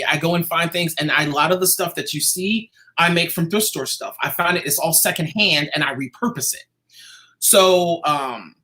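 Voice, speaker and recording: A man, a guest artist in an interview, telling a personal story in a lively, casual way. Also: fairly high pitch. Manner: animated, acts out quoted voices.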